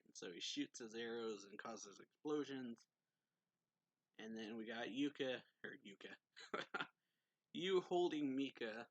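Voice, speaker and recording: A man's voice: mid-range voice, sharp tone, dry recording. Casual young man recapping a manga. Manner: rambling, loose retelling with many fillers and light laughs. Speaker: anime reviewer.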